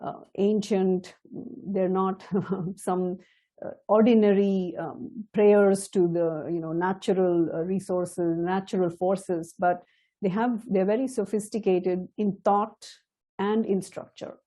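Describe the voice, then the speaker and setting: Woman, middle-aged, slow measured teaching voice, mellow and warm. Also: mid-range voice, steady tone. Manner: slow, measured and explanatory, with soft laughs. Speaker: chanting teacher. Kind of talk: spoken lesson with chanted demonstrations.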